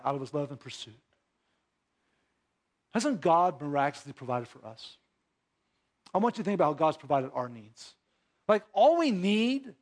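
A man preaching a sermon in a church, conversational, with rhetorical questions and acted-out bits of dialogue. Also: high voice. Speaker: pastor. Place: church sanctuary.

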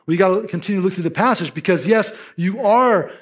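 Male pastor, higher-pitched voice, earnest emphatic sermon delivery. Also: fast talker, husky. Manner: earnest, emphatic, acts out listeners' inner voices.

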